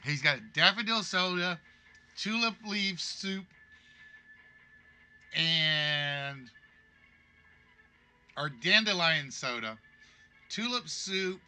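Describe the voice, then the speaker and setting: A man's voice: a little high, lively intonation, drawn-out words, long pauses, sharp tone, clean tone, faint music behind. A man hosting a live-streamed game show, chatty and joking as he reads out players' guesses.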